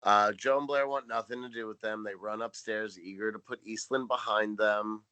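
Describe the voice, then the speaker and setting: A man's voice: lowish voice, steady tone, normal speed, sharp tone, clean tone, dry recording, poor audio. A man co-hosting a casual TV recap podcast, summarizing plot with dry, sarcastic asides. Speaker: podcast co-host.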